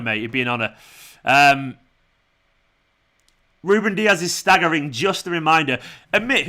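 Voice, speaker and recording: A man's voice: on the high side, bright, forceful tone. A young man hosting a football watchalong stream, chatting casually, laughing and reading out viewer comments. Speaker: fan channel host. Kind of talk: live watchalong chat.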